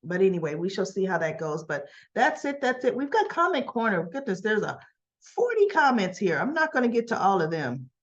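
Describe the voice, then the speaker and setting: Animated woman recapping soap scenes. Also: mid-range voice, a little fast. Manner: animated, acts out characters' lines in raised voice. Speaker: soap opera recap host. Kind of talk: casual recap chat. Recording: slightly dull lo-fi audio.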